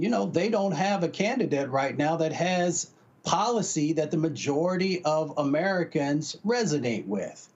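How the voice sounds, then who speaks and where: A male panel guest discussing politics in a measured, steady way. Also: on the high side, muffled recording.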